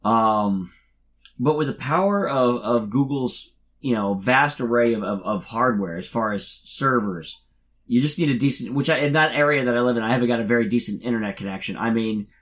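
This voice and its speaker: A man's voice: mid-range voice, a bit bright. A man co-hosting a casual gaming podcast, talking with many restarts. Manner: halting, many restarts and fillers. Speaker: podcast co-host. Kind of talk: casual chat.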